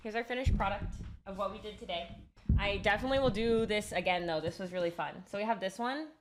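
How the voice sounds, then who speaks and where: A young woman chats her way through a live stream, rambling from one thought to the next and getting easily excited. Her voice sits in a middle register. The room around her gives it a noticeable echo. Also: medium pitch, quick pace, background noise. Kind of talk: casual live-stream chat while crafting.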